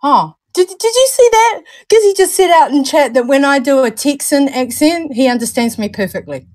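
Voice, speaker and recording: A woman's voice: high voice, expressive, moderate pace, a little mellow, no room sound. A young woman co-hosting a casual livestream chat, talkative, stumbling over and repeating words and laughing at herself. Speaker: podcast co-host.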